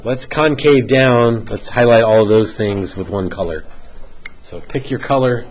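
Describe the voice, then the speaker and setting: Man, middle-aged, low voice, math teacher, classroom lecture, relaxed joking asides, dull lo-fi sound. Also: moderate pace. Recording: dull lo-fi classroom recording with faint hiss.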